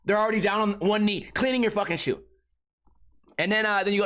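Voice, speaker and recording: A man's voice: sits high, fast talker, fairly bright tone. A man hosting a podcast, telling stories in a profane, exasperated, comedic rant. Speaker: podcast host.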